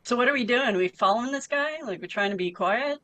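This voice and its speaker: A woman speaking as a player in a tabletop game, relaxed and thinking aloud. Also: on the high side, quick pace, poor audio. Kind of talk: casual tabletop game chat.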